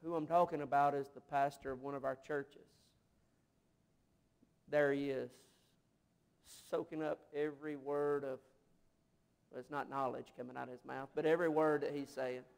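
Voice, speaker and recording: A man's voice: medium pitch, level tone, normal speed, vocal fry, pauses often, darkish tone, smooth. A man delivering an emotive, story-driven sermon in a church as a missionary pastor. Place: church sanctuary.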